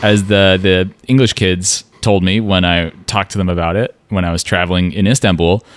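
A man's voice: sits low, steady tone, normal speed, no echo. A man co-hosting a podcast, chatting casually and cracking crude jokes with frequent laughter. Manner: joking, crude humor, laughs often. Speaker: podcast co-host. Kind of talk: casual chat.

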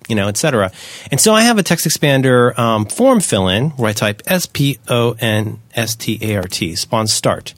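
A man's voice: mid-range voice, very animated, moderate pace, a bit bright, no room sound. A man co-hosting a podcast, chatting casually with wry, rambling, self-mocking asides. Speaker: podcast co-host.

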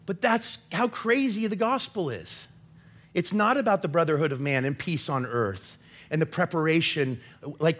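Earnest male Christian speaker. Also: on the high side. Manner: earnest, confessional, swings between urgent and hushed. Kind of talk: impassioned faith talk.

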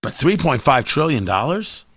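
A man's voice: mid-range voice, big pitch swings, moderate pace, a bit bright, husky, dry recording. A man hosting a talk radio show, delivering an opinionated, sarcastic monologue into a studio microphone. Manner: sarcastic, mocking, does voices.

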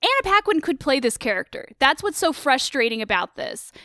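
High-voiced woman chatting about films. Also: no echo, clean studio sound. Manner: animated, opinionated, quick asides. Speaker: co-host of a film discussion show. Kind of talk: casual film commentary chat.

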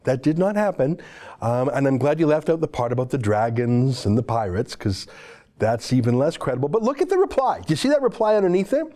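Sarcastic, animated male commentator. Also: medium pitch, fairly quick. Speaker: political commentator. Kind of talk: opinion commentary monologue.

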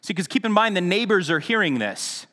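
A man's voice: high voice, very animated, a little fast, pushed and bright, long reverb tail. A man preaching a sermon in a casual, conversational teaching style, with frequent restarts and asides. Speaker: pastor.

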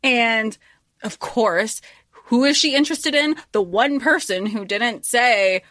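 A woman's voice: on the high side, takes it slowly, fairly bright tone, dry recording, clean studio sound. A woman co-hosting a podcast in casual chat, telling things with giggles and animation. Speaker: podcast co-host.

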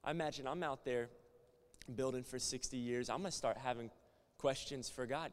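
A man preaching at a conference, animated, swinging from loud to hushed. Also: mid-range voice, normal speed, clear, resonant tone. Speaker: conference speaker. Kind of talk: sermon. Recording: long hall reverb.

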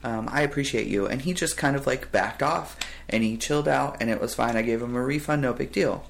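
A young man hosting a podcast, telling stories in a casual, animated way and laughing often. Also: medium pitch, fairly quick, vocal fry. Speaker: podcast host. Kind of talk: casual chat.

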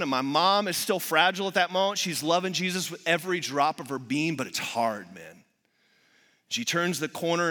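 A man's voice: a little high, sharp tone, long reverb tail. A male pastor preaching a sermon, telling personal stories with humor and acting out quotes energetically.

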